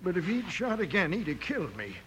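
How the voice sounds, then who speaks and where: An actor playing an old gold prospector in a radio western, talking in a folksy drawl. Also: male voice, high-pitched, big pitch swings, brisk, fairly bright tone, a little hiss or hum. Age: older. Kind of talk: 1950s radio drama acting.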